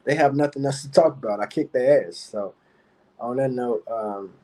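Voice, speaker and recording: A man with a voice of middling pitch, hosting a casual commentary stream. He talks in an animated, heavily profane way, breaking into laughter as he tells stories. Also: normal speed, low-quality recording. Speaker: show host.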